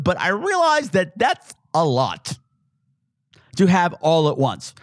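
A man with a Long Island accent hosting a casual podcast outro, camp and theatrical, his voice swooping up high when excited. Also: dry recording, studio quality. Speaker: podcast host.

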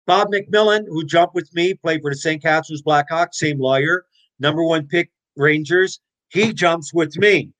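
A man in his sixties telling his stories as an interview guest, animated, blunt and profane. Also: a little high, moderate pace. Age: 60s. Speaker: interview guest, former hockey player. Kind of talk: casual storytelling.

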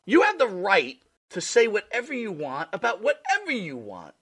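A man's voice: high voice, wildly swooping pitch, moderate pace, fairly bright tone, breathy edge. A man hosting a wrestling talk show, telling the story emphatically and swearing casually. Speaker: podcast host.

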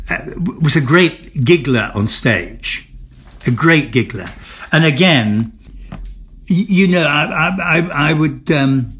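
Older English actor telling stories. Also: male voice, fairly high pitch, fairly bright tone, husky. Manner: theatrical, repeats and restarts words, amused storytelling. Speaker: interview guest, former soap actor. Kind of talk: candid anecdotal chat.

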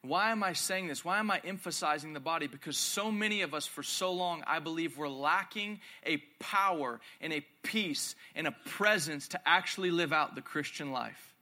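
A man's voice: a little high, moderate pace, few pauses, bright, forceful tone. A young man preaching a sermon to a large room, intense and emphatic, repeating his phrases.

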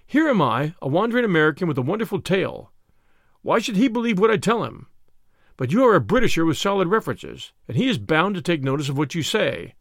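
A man doing a brash lawyer who pushes and hustles, loud and emphatic. The voice jumps about in pitch with a gravelly rasp, heard close and dry. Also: very animated, fast, dry recording. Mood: pushy. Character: brash, pushy male lawyer, loud and hurried.

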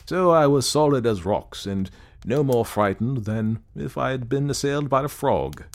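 A man's voice: medium pitch, lively intonation, moderate pace. A man narrating a story in a wry, self-assured manner. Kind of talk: scripted narration.

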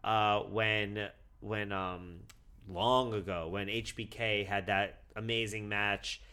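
A man's voice: fairly low pitch, fairly even intonation, slow, pushed and bright, clear, resonant tone. A man co-hosting a casual podcast chat, talking animatedly with many fillers. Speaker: podcast co-host.

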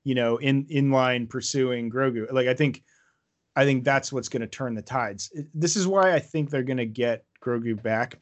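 A man co-hosting a casual fan podcast, thinking out loud in loose, rambling sentences. His voice sits at an ordinary middle pitch, and he often restarts a phrase before landing the point. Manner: rambling, restarts thoughts, playful quips. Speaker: podcast co-host.

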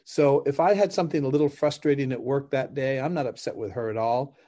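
A middle-aged man speaks as a podcast guest in an easy, conversational way, with a voice of ordinary middle pitch. He explains through stories, laughing now and then and acting out both sides of a conversation. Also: fast talker. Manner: animated, laughs while explaining, acts out dialogue. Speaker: podcast guest, relationship coach. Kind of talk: conversational storytelling.

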